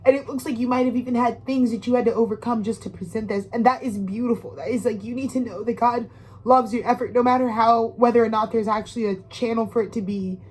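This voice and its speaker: Swearing, restarting and drifting into personal stories, a twenty-something astrology tarot reader delivers an emotional, heartfelt monologue reading. Her voice is fairly high in pitch with a darkish tone.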